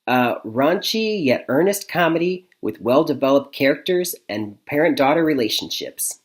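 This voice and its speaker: A man's voice: on the high side, animated, moderate pace, few pauses. Guy from michigan doing movie reviews, rambly, lots of um and you know, chuckles a bunch. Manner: rambling, many fillers and restarts, frequent chuckles. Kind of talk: casual movie review vlog.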